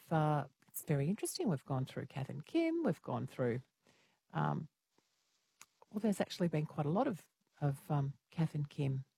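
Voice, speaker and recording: A woman's voice: on the low side, darkish tone, husky, no echo. An Australian woman hosting a talkback radio quiz, playful, teasing and chatty with callers.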